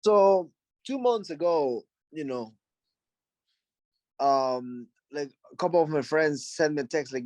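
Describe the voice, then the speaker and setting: A man's voice: on the high side, a little slow, a little mellow, no echo, low-quality recording. Blunt, swearing man, English. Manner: blunt, profane, frank. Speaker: interview guest, fighter. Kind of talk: casual interview.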